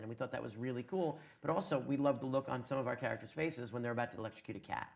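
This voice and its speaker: A man, a television writer on a conference panel, answering questions candidly with anecdotes and casual swearing. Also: medium pitch.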